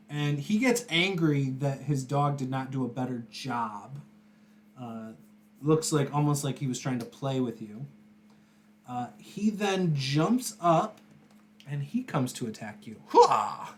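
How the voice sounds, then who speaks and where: A game master narrating a tabletop session in a relaxed way, with frequent fillers. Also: medium pitch, a little hiss or hum.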